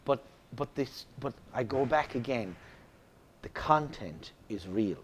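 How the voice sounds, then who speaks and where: Middle-aged Irish actor, chatty guest, animated and rambling. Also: male voice, mid-range voice, slow, a little hiss or hum. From Ireland. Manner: animated storyteller, many restarts. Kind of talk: casual interview chat.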